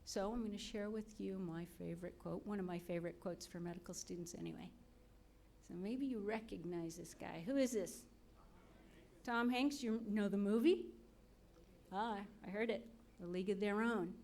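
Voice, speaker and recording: A woman's voice: medium pitch, moderate pace, a little mellow, a little hiss or hum. A woman on the medical school faculty giving an earnest, motivational ceremony speech into a podium mic, putting questions to the audience.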